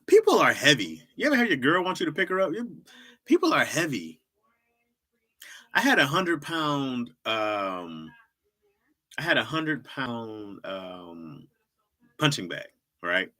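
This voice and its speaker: Lively, bright-voiced man rambling casually. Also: mid-range voice, unhurried, pauses often. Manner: rambling, repeats himself, laughs often, reacts to chat. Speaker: livestream host. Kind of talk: casual stand-up style chat.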